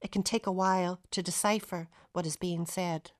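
A woman's voice: fairly low pitch, steady tone, normal speed. A woman with a Donegal Irish accent reading a first-person radio essay in a reflective, storytelling way. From Donegal, Ireland, via Ohio.

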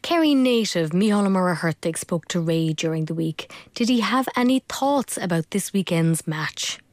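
A woman's voice: fairly low pitch, animated, moderate pace, no room sound. A woman presenting a radio show, reading scripted links between clips with a wry delivery.

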